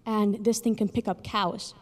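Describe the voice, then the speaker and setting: A young woman giving an emotional graduation speech, telling a story earnestly with pauses, recorded in a large ceremony hall with long reverb. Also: medium pitch, level tone. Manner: earnest, pausing, with soft laughs. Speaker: graduation speaker.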